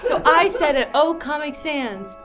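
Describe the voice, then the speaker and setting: A woman's voice: high voice, big pitch swings, measured pace, music in the background. A woman guest in an improv comedy scene, talking in a giggly, playful way.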